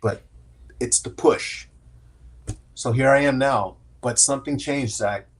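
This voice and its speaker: Earnest male guest, candid storyteller, mid-pitched voice, acts out quotes. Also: slow. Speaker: guest, AI strategist. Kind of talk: conversational interview storytelling.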